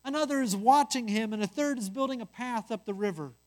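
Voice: mid-range voice, fairly quick, close to an everyday voice. A reader doing a guilt-ridden toiling brother. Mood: anxious. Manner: earnest and anxious. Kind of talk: storytelling.

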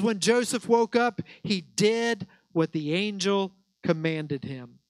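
A man preaching a sermon, earnest and slowing down to stress key words. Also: sits high, no echo, low-quality recording. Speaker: pastor.

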